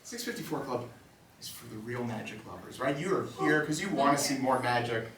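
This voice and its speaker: A man's voice: medium pitch, expressive, fairly quick, a bit bright, a little hiss or hum. A man from New Jersey performing a comedy magic show on a club stage, joking playfully with the audience. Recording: roomy club sound from a distance.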